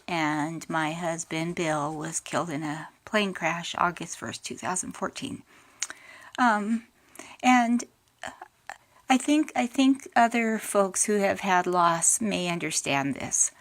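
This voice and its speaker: A woman's voice: lowish voice, takes it slowly. A middle-aged woman speaking earnestly about her life, heartfelt and unscripted, with frequent fillers and restarts. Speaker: widow sharing her grief experience. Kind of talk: personal talk to camera.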